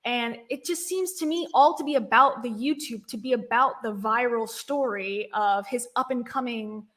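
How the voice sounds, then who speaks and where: A woman's voice: on the high side, normal speed, a bit bright. A woman hosting a commentary chat, laying out skeptical arguments point by point. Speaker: host.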